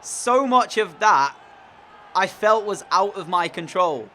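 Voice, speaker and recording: A man's voice: high voice, animated, takes it slowly, bright, forceful tone, slight background noise. A young man commentating on his own video game match in an exasperated, sarcastic way. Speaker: gaming commentator.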